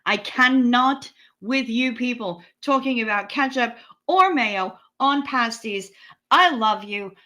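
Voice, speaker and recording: Taking things slowly, a livestream host speaks in a slightly high, bright and forceful voice. She's a US woman in her forties on a streaming setup, chatting casually with viewers while rambling, swearing freely and talking back to chat.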